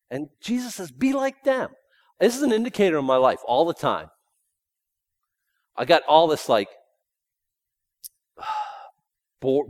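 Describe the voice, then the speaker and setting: A man preaching a sermon in a folksy, emphatic way, swinging between loud points and hushed asides. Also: a little high, dry recording.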